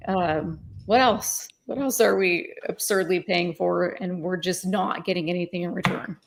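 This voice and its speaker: Gravelly-voiced woman co-hosting a podcast. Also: fairly low pitch, moderate pace, a little hiss or hum. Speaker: podcast co-host. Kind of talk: casual political chat.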